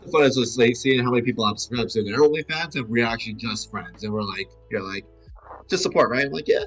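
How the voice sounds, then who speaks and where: A man's voice: medium pitch, lively intonation, fast talker, a bit bright, husky, soft background music. A man hosting a podcast, explaining himself earnestly in casual chat.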